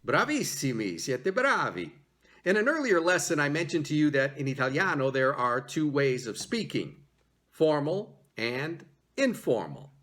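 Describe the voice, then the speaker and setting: A man teaching a video language lesson, leading repeat-after-me drills with an animated, encouraging manner and exaggerated intonation. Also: fairly high pitch, unhurried.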